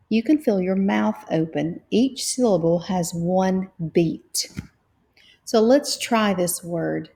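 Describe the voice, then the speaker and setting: A woman reading teacher leading a phonics lesson, spelling out letters and sounding out syllables slowly and patiently. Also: mid-range voice, creaky, mellow. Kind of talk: slow, clear phonics lesson.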